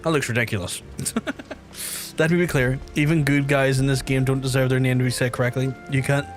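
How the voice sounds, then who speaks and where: A man's voice: medium pitch, fairly even intonation, brisk, faint music behind. Cursing, chatty male game streamer. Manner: swears freely, laughs, chats with viewers. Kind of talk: casual live-stream chat.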